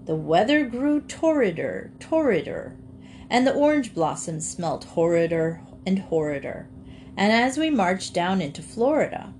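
A woman narrating a children's storybook in a gentle, lively storytelling way. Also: mid-range voice, a little slow, a little hiss or hum. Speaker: audiobook reader.

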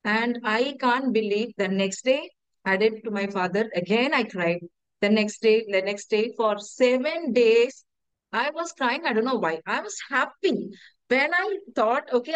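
Woman, middle-aged, smooth and somewhat high voice, earnest testimonial, dry sound. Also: dry recording, low-quality recording. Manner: earnest, hesitant, repeats words. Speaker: testimonial speaker. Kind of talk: personal testimonial.

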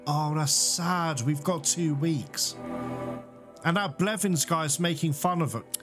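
A man with a slightly high voice giving casual let's play commentary. He chats directly to his viewers and swears freely. Faint game music plays in the background. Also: a little slow, a bit bright. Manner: chatty, swears, keeps addressing viewers. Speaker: gaming YouTuber.

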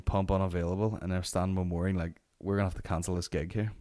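A man's voice: sits low, flat delivery, fast talker, hardly any pauses, mellow. Sweary Northern Irish man telling stories. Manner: sweary, rambling anecdotal delivery. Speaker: podcast host. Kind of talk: solo comedy podcast storytelling.

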